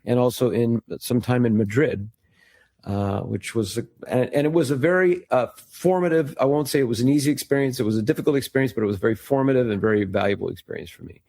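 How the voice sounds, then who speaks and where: A man's voice: medium pitch, fast talker, vocal fry, a little mellow, no room sound. An American man, a guest impressionist, telling wry stories in a casual podcast interview. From United States. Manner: wry, storytelling, restarts often.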